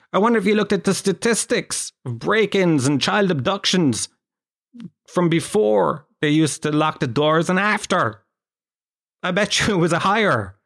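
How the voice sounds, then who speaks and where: A man's voice: on the high side, animated, normal speed, fairly bright tone. A man from Tralee with a Kerry Irish accent, rambling through a sarcastic, profane comic monologue. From Tralee, Ireland. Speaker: comedic monologue host.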